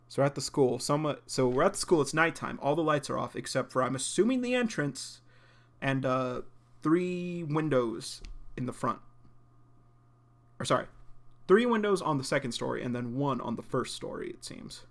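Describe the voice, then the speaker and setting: A young male streamer reading a comic aloud in a casual, chatty, unpolished way, sometimes swearing. His voice has a gravelly edge at an ordinary pitch. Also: expressive, moderate pace.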